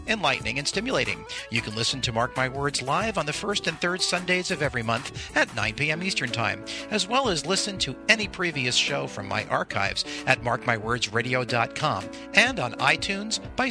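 A man, the show's host, reading a scripted sign-off smoothly, with web addresses and a goodbye. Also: medium pitch, sing-song, moderate pace, few pauses. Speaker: radio show host. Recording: outro with music behind.

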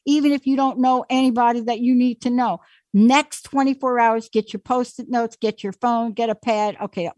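A woman hosting a call-in radio show, her voice pitched a little high and sounding dry and close to the studio mic. She talks emphatically and pushes her caller along with a coaxing insistence. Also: a little mellow, dry recording. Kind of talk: casual call-in coaching.

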